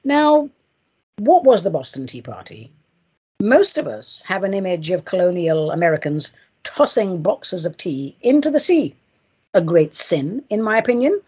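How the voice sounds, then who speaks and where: A woman hosts a chatty solo podcast with a husky edge to her voice. Her pitch swoops up and down all the time, and she talks in a playful, theatrical, gushing way. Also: sing-song, moderate pace, a little mellow. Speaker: podcast host.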